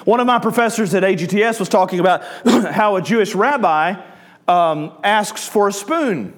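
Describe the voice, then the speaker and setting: A man's voice: high-pitched, animated, normal speed, fairly bright tone. A man with a Southern accent preaching a sermon as pastor, talking conversationally and putting questions to his listeners. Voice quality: conversational, asks the audience questions.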